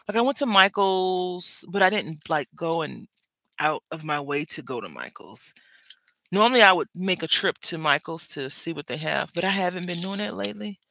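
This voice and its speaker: Crafting host with a bright, forward tone and a dry, close sound. Chatty and rambling, talks while working. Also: mid-range voice, no room sound. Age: adult with school-age kids. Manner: rambling, chatty, self-interrupting. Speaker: papercraft channel host. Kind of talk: casual chat while crafting.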